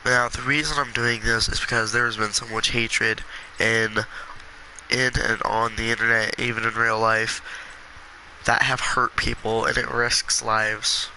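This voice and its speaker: A congested man talking earnestly and with passion in a gaming vlog, with halting restarts. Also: lowish voice, flat delivery, bright, forceful tone, slight background noise, low-quality recording. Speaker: gaming video creator.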